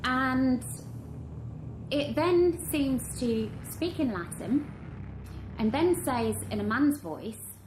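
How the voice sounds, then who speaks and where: A woman's voice: a little high, takes it slowly. A woman hosting a paranormal vlog, narrating her investigation recordings in an earnest, suspense-building way. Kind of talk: voice-over narration reviewing recordings. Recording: roomy with steady background hum.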